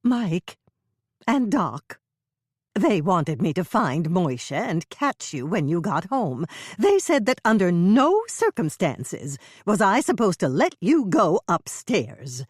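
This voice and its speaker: A woman's voice: fairly low pitch, sing-song, slow, husky, no room sound, studio quality, pitched above the performer's own voice, exaggerated voice. A woman voicing an anxious, fussing older mother who talks in a flustered, pleading way.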